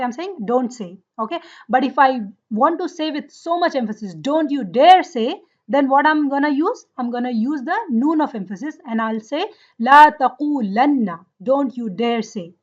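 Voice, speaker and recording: A woman's voice: high voice, expressive, normal speed, hardly any pauses, fairly bright tone, lo-fi sound. A woman teaching Arabic grammar in an online class, explaining patiently and often checking that her students follow.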